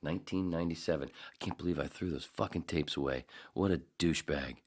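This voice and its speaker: A man in his forties hosting a podcast, rambling casually with profane jokes and quick impressions. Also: extremely low pitch, darkish tone, slightly rough. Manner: profane, jokey, slips into impressions. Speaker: podcast host.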